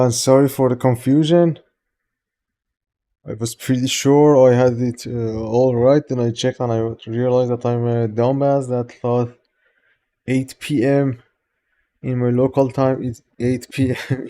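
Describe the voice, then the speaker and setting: A man's voice: medium pitch, flat delivery, measured pace, mellow. A man with a Persian accent, a native Farsi speaker, streaming live and casually greeting viewers by name, loose and joking with some swearing.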